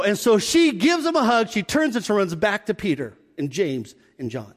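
Animated preacher man in a reverberant hall. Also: high voice. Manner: animated, acts out scenes with quick voice shifts. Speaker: pastor. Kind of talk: sermon.

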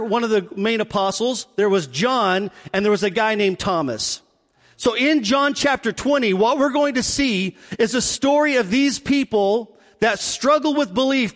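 Man, pastor, high voice, animated storytelling sermon, long hall reverb.

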